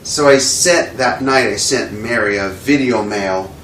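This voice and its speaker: Male interview guest, mid-pitched, animated storyteller who acts out his quotes; roomy echo, off-mic, faint hiss. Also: measured pace, far from the mic. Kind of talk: casual anecdote telling. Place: indoor room with a window.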